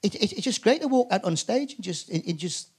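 A man with a Geordie accent, a comedian guest telling stories on a live podcast, animated and swearing, stumbling over restarts. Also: high-pitched, fairly quick, slightly rough. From north-east England. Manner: animated storyteller, frequent stammered restarts, swears. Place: comedy club stage.

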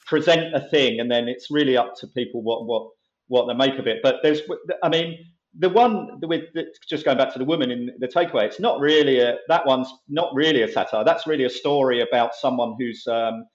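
A man's voice: medium pitch, lo-fi sound. Rambling man in a roomy room. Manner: rambling, halting, many restarts. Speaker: comedian guest. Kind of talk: casual chat.

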